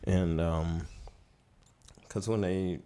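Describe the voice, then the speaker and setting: A middle-aged man, a studio owner casually telling stories as a podcast guest with relaxed, rambling anecdotes. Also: sits low, drawn-out words, clear, resonant tone. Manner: relaxed, rambling anecdotes, laughing as he tells them. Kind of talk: casual storytelling in a podcast interview.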